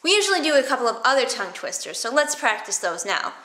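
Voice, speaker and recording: A woman's voice: high-pitched, sing-song, fast talker, pushed and bright. Playful woman in an echoey room. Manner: playful, exaggerated mouth movements. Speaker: theatre teacher. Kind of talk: demonstrating vocal warmups.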